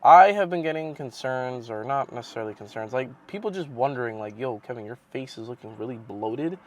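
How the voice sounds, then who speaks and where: A young man telling a casual, rambling story for his fitness vlog. He swears often and gets animated as he talks. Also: mid-range voice, fairly quick, slight background noise. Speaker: fitness vlogger.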